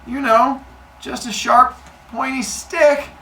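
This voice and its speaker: A man's voice: very high-pitched, fairly even intonation, slow, a bit bright, echoey room, far from the mic, a little hiss or hum, pitched above the performer's own voice, heavily acted. A man voicing an eager, scheming young male titan god in a told myth. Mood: gleeful. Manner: gleeful, eager.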